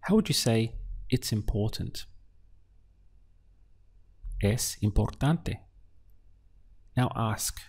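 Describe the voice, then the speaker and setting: A man's voice: on the low side, animated, extremely slow, gravelly, pauses often, darkish tone, slightly rough. A man teaching a beginner language lesson, patiently prompting the learner and then giving each answer. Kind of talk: slow instructional lesson.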